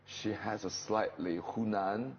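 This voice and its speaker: A middle-aged man with a Chinese accent, a stage actor chatting in an interview, animated and jumping up in pitch when he quotes people. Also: takes it slowly, dull audio, slight background noise. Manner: animated, pitch jumps when quoting others. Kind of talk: casual interview chat.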